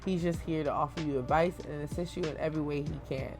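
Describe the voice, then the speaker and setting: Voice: mid-range voice, fairly even intonation, quick pace, music in the background, close to an everyday voice. A reader voicing a dry, commanding male government director who speaks with authority.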